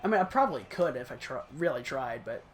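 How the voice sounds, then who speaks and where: A man's voice: medium pitch, big pitch swings, fast talker, crowd noise. A man casually commenting on his own football video game match, chatty and self-critical, breaking into short laughs. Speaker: gaming channel host.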